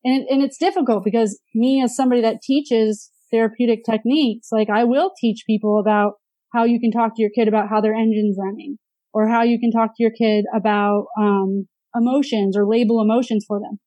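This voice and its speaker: High-voiced chatty woman therapist. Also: steady tone, brisk, mellow, no echo, poor audio. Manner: chatty, many "like" fillers, briefly mimics parents. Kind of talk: casual podcast conversation.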